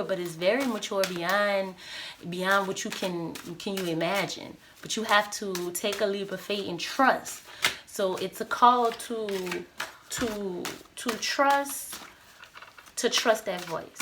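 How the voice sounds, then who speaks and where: Slow-talking woman giving a tarot reading. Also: background noise. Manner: rambling, repeats words, searches for phrasing; acts out an inner voice in a higher, livelier tone. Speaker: tarot reader. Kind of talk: intuitive tarot reading, casual spoken.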